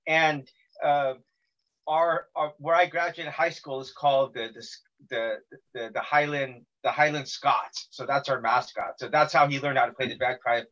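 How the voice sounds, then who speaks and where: A man's voice: medium pitch, moderate pace, a bit bright, muffled recording. A man from the United States hosting an interview, asking long, hesitant, wordy questions. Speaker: interview host. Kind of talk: casual interview.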